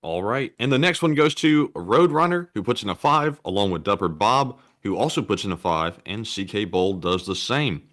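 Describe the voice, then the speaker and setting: A man co-hosting a live stream who reads out viewer donations and messages in a steady, routine way. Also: fairly low pitch, normal speed, hardly any pauses. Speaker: co-host reading viewer donations. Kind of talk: reading out super chats.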